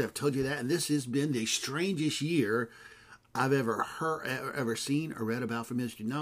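Rambling folksy male preacher. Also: mid-range voice. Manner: conversational, digressive, with frequent fillers and asides; swings from loud emphasis to hushed, dropped lines. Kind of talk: sermon.

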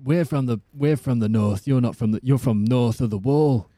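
A man voice actor doing a slow, solemn impression of a brooding young northern swordsman. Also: mid-range voice, dark tone, dry recording, close to an everyday voice.

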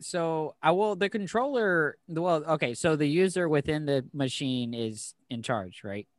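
A man co-hosting a podcast in casual chat, animated and giggly, quick to laugh and exclaim, over a computer mic on a video call. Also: fairly high pitch, no room sound. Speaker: podcast co-host. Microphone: home computer mic on a video call.

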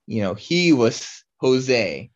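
Young male podcast co-host, rambling casual chat, mid pitch, lo-fi sound. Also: big pitch swings, drawn-out words. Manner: rambling, many fillers and restarts. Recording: slightly dull lo-fi audio.

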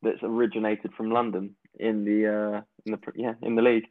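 A man's voice: fairly low pitch, flat delivery, a little fast, dry recording. A man joining a casual chat as a guest, speaking hesitantly over a phone line.

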